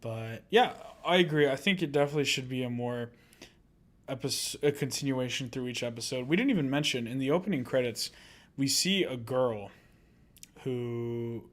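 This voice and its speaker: A man co-hosting a laid-back anime podcast, his voice sitting at an ordinary middle pitch. He chats loosely and giggles often, losing his thread mid-sentence before picking it back up. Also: normal speed, fairly bright tone. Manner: giggly and easily distracted, often breaking into laughter. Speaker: podcast co-host. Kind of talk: casual anime podcast chat.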